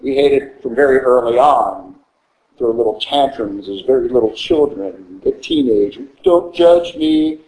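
A man preaching a sermon with emphatic stress, rhetorical questions and quick mocking asides. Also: mid-range voice, expressive, gravelly, darkish tone, echoey room, rough recording. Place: church.

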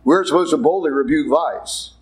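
Male priest, higher register, conversational sermon, blunt asides, acts out quotes. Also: moderate pace, low-quality recording. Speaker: Catholic priest.

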